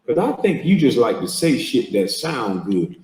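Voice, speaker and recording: A man's voice: medium pitch, very animated, normal speed, darkish tone, recorded from a distance, a little hiss or hum. A man hosting a heated reaction commentary, mocking and confrontational and swearing a lot. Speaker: host reacting to a video clip. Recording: echoey room, speaker off mic.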